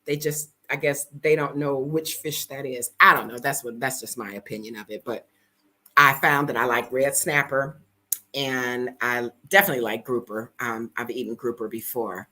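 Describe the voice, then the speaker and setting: A woman chatting casually to her viewers, telling animated stories with jokes and sudden high-pitched exclamations. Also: normal speed. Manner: colloquial, joking, talks to viewers as y'all. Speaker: travel vlogger. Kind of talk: casual chat to camera.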